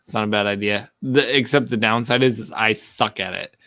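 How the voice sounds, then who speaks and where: A man hosting a casual live-stream podcast, rambling and animated, with lots of fillers. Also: fairly low pitch, a little fast, no echo, clean studio sound. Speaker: podcast host.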